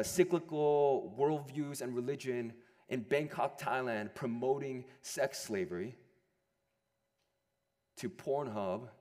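A young adult man preaching a sermon to a room of listeners, animated, moving between loud emphasis and hushed quiet passages. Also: on the low side. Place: large room with an audience. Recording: long hall reverb.

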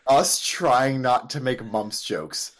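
A man's voice: medium pitch, takes it slowly. A man co-hosting a podcast, telling stories in a rambling way with frequent swearing. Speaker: podcast co-host. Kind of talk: casual chat.

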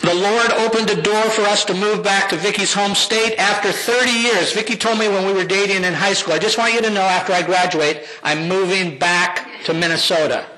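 Older man, pastor, heartfelt testimony, slightly high voice, bright tone, slow emphatic phrasing. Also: steady tone, poor audio. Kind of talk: personal testimony from the pulpit.

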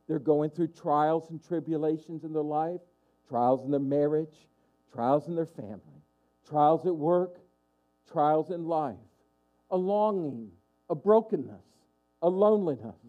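A man's voice: a little high, dark tone, lo-fi sound. A man pastor preaching a sermon, stirring and passionate, calling out to the congregation. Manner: impassioned preaching with call-and-response asides.

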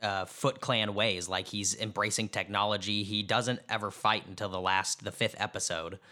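Low, bright-voiced joking man. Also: flat delivery, moderate pace. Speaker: podcast co-host. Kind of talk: casual chat.

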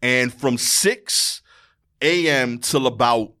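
A young man tells a story as a podcast guest. He talks in quick, slangy runs and keeps the delivery animated. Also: mid-range voice. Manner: animated, slangy, fast-running anecdote. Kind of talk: casual storytelling.

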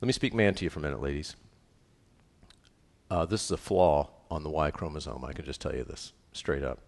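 A man's voice: a bass voice, a little fast, gravelly, darkish tone. A middle-aged man preaching a sermon on marriage, emphatic and joking, repeating his key lines. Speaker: pastor.

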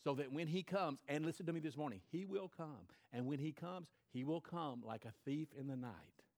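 Emphatic preaching man, higher voice. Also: moderate pace. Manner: emphatic preaching, swinging from low and quiet to high and loud. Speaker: pastor. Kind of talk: sermon.

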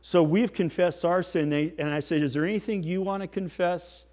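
A man preaching a sermon as pastor, swinging from soft, slow lines to loud, emphatic ones. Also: high-pitched, fairly even intonation.

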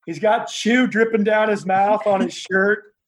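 High-voiced man telling rambling stories. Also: a little slow, rough recording. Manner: rambling, animated, many fillers and restarts; laughs while telling stories. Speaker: interview guest, former wrestler. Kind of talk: storytelling in a casual interview.

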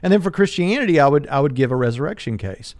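A man in his forties hosting a livestream debate discussion, talking quickly with many fillers and restarts. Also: fairly high pitch, lively intonation, a little mellow, dry recording. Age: 40s. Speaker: host.

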